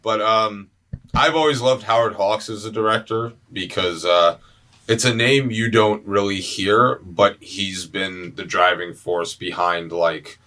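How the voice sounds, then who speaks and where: Young man, podcast host, bright forceful voice, low-pitched, joking, swearing. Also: unhurried. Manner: animated, joking, swears freely. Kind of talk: casual movie chat.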